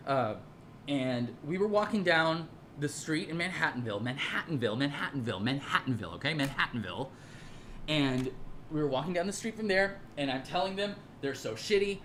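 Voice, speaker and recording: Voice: mid-range voice, fairly bright tone, slight background noise. A speaker telling a personal story in a casual monologue, heated and profane, rambling with frequent repeats and restarts.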